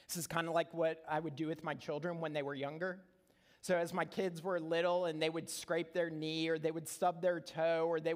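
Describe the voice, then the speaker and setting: A middle-aged man preaching a sermon as pastor, earnest and conversational, repeating key phrases for emphasis. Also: sits high. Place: church sanctuary. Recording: long reverb of a church hall.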